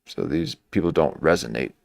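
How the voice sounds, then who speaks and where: A man's voice: extremely low pitch, huge pitch swings, normal speed, gravelly, no room sound, clean studio sound. A man giving rambling, mocking live-stream commentary into a desk microphone. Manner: mocking, meandering, full of restarts.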